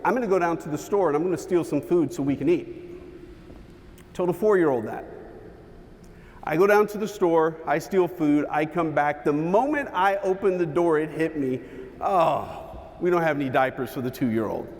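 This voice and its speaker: A man giving a motivational keynote, telling a personal story with dramatic pauses and shifts in pace. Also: fairly high pitch, a little mellow, long reverb tail. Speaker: keynote speaker. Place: large hall with an audience.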